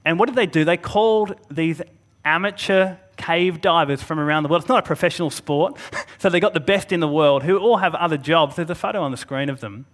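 A man delivers a sermon in a fairly high voice. He speaks earnestly, leans on pauses for emphasis, and now and then restarts a phrase as he goes. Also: fairly bright tone. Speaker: preacher. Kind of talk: Good Friday sermon.

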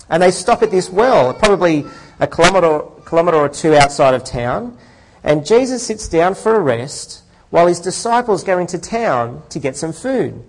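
Chatty preacher man, slightly high voice. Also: poor audio. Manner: conversational, frequent fillers and restarts. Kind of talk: sermon.

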